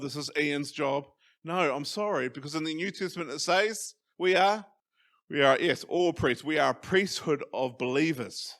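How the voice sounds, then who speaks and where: Emphatic New Zealand man preaching. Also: medium pitch. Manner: emphatic, swinging from loud stresses to quiet asides. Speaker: pastor. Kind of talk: sermon. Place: church hall.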